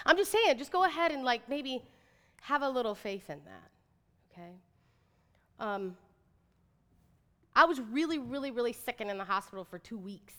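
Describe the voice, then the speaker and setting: A woman's voice: fairly high pitch, fairly quick, pauses often. A woman in her thirties giving a chatty, inspirational talk to an audience, with lots of "like" and "right?". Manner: chatty, animated, says "like" and "right?" often. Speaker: motivational speaker. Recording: reverberant hall.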